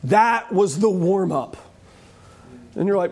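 A man preaching a sermon with animated delivery and joking asides. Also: sits high, normal speed, a little hiss or hum.

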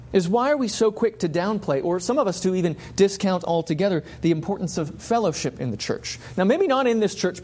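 A man's voice: high voice, a little mellow. A man preaching a sermon, passionate and full of repeated rhetorical questions.

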